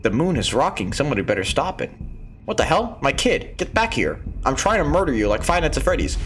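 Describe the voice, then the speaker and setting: A man's voice: mid-range voice, sing-song, fast, fairly bright tone, faint music behind. A man hosting a gaming video, talking through a game with profane jokes and frequent laughter. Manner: profane, joking, laughs often. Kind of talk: let's play commentary.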